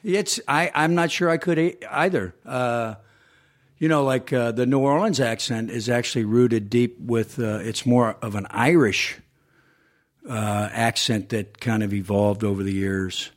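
A man's voice: mid-range voice, unhurried. Laid back actor guy, hint of southern drawl, chatting easy, lots of laughs. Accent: slight American Southern. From American South. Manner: easygoing, laughs often, restarts phrases. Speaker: actor, guest. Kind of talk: casual conversation.

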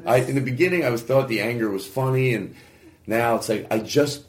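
A man's voice: on the low side, fast talker. A man hosting a comedy podcast, pleading earnestly in a mock-emotional way. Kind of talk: casual comedic chat.

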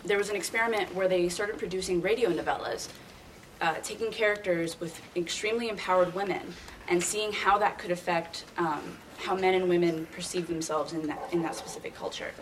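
Hesitant woman asking from far off. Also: lowish voice. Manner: hesitant, halting with fillers. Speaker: audience member asking a question. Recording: distant audience mic with background noise.

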